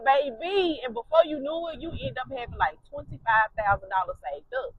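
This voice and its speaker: A woman telling a story in blunt, profane, animated second person. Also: sits high, no room sound. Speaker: storytime vlogger. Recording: dry, dull lo-fi sound.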